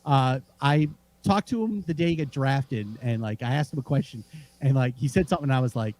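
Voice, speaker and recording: A man co-hosts a casual sports podcast, speaking fairly quickly in a medium-pitched voice. Animated, he tells rambling stories full of restarts and laughter.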